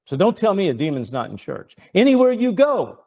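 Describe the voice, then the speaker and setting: Fervent preaching man, lively pitch. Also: brisk. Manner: fervent, rhetorical, repeats himself. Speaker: host and preacher. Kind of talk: impassioned preaching talk show.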